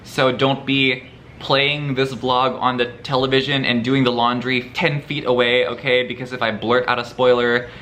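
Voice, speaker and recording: Bright-voiced, campy profane book vlogger. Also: male voice, medium pitch, flat delivery, moderate pace, a little hiss or hum. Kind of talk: casual reading vlog. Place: indoors at home, later outdoors.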